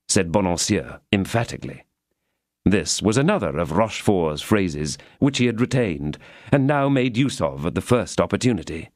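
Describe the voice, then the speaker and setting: A man reading a classic novel aloud as an audiobook narrator, in measured storytelling narration. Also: low voice, lively intonation, darkish tone, no room sound, clean studio sound. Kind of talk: scripted narration.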